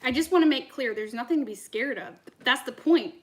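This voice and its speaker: A woman's voice: sits high, brisk, a little hiss or hum. A woman, a tarot reader, ranting to camera in a heated, profane, rambling way between readings.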